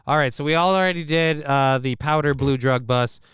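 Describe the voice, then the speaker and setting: A man's voice: a little high, moderate pace, a bit bright, clear, resonant tone, no room sound, studio quality. A man hosting a live stream, reading news and chat comments aloud with crude jokes. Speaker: show host.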